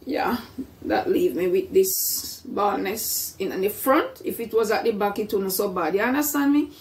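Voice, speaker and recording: A woman's voice: medium pitch, moderate pace, distant mic. A middle-aged woman telling her personal story in a casual vlog, earnest and full of faith, often repeating her words. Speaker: vlogger.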